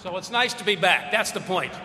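A man giving a public lecture as guest speaker, telling stories with quick asides. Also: high voice, animated, long reverb tail, noisy background.

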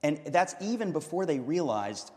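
A man hosts a live on-stage interview in a large hall before an audience, joking wryly at his own expense. His voice sits a little high, with a sing-song lilt, a slightly mellow quality, and normal pacing. The hall is reverberant, and the audience can be faintly heard.

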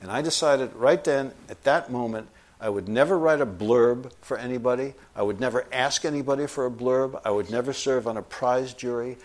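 Middle-aged guy telling a story in an interview, acts out the voices, lively. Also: medium pitch, normal speed, hardly any pauses. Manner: animated anecdotal storytelling, acts out quoted voices. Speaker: novelist guest. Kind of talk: storytelling in conversation.

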